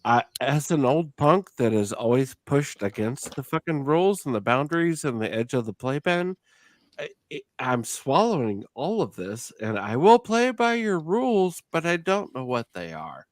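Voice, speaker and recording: A man's voice: medium pitch, very animated, moderate pace, no echo. A middle-aged man hosting a casual chat, tipsy and slightly slurring, ranting with plenty of profanity. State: tipsy from drinking. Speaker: podcast host.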